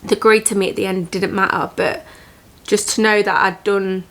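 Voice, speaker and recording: A young woman talks straight to camera in a personal storytime vlog. She sounds earnest and reflective, pausing and restarting as she works through emotional memories. Her tone turns motivational and heartfelt. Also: medium pitch, fairly even intonation, fairly bright tone. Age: 20s. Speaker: vlogger.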